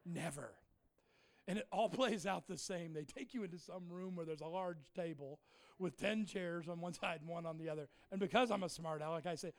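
Preacher, male, middle-aged, high voice, folksy and joking, erupts into shouts mid-story. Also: moderate pace, creaky. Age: middle-aged or older. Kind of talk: sermon storytelling. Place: church in front of a congregation.

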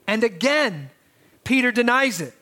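A man's voice: very high-pitched, big pitch swings, measured pace, pushed and bright. A man preaching a sermon as pastor, in a conversational way with restarts and asides.

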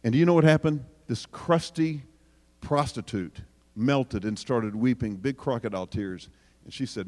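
A man preaching to a live audience about parenting, animated and joking, talking straight to the crowd. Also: mid-range voice, normal speed. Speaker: speaker on parenting. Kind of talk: sermon. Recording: long hall reverb.

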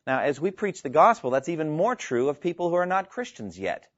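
A man's voice: on the high side, very animated, a little fast, no room sound. A man giving a classroom theology lecture in an earnest, emphatic way, often asking his listeners rhetorical questions. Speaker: theology teacher. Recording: dull lo-fi, dry sound.

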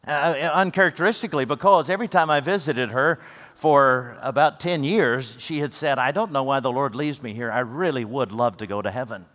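A man preaches from the pulpit, his voice sitting at an ordinary middle pitch. He tells his story earnestly, pushing up to emphatic peaks before falling quiet again. A long reverb from the large hall trails after each phrase. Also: fairly quick. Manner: earnest storytelling, rising to emphatic peaks then dropping soft. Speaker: pastor. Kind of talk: sermon.

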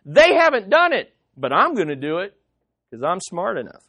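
A man's voice: high-pitched, wildly swooping pitch, normal speed, pushed and bright, dry recording, heavily acted. A man preaching who voices an exasperated, self-assured male accuser. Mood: indignant. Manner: exasperated, indignant.

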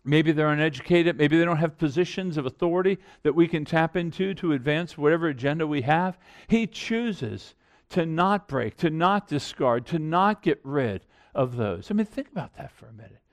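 A man's voice: on the high side, animated, moderate pace. A middle-aged man preaching a sermon in an earnest, conversational way, building to emphatic points. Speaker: pastor.

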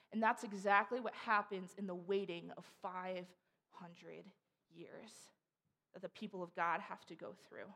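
A woman's voice: mid-range voice, normal speed. Chatty young woman giving a sermon. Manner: chatty and animated, acts out voices in stories. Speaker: preacher. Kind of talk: casual sermon.

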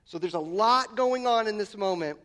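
A man with a high, light voice delivers a sermon. He leans on repetition and lifts his voice to stress key phrases, often restarting his words mid-thought. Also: animated, moderate pace, pushed and bright. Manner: emphatic, repeats words, voice rises on key lines. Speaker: pastor.

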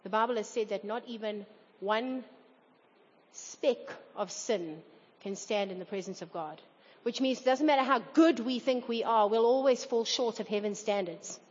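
A dull, reverberant recording captures a woman's sermon in a church hall. Her pitch is fairly high and her speed normal as she addresses the congregation earnestly, now and then voicing the people she quotes.

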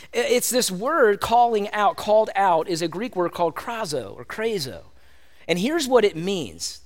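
A man with a high, light voice preaching a sermon. He talks to his listeners in a loose, conversational way and calls them "gang". His delivery is animated and energetic, now fast and now slow and emphatic. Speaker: pastor.

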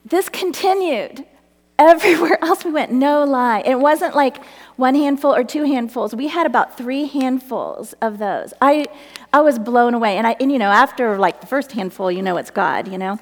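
A woman's voice: high-pitched, expressive, normal speed. Earnest woman storyteller in a reverberant space. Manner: earnest, breaks into laughter as the story builds. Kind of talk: personal faith storytelling.

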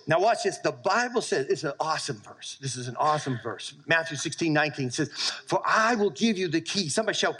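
Male pastor, middle-aged, bright forceful voice, animated sermon storytelling, slightly higher pitch. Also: rough recording. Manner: animated storytelling preacher, calls for amens.

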